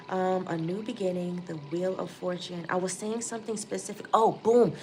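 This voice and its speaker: Woman, low-ish voice, excitable live tarot reader, faint room hiss behind her. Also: brisk, hardly any pauses. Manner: excitable, chatty, addresses viewers as y'all. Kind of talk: live tarot reading stream.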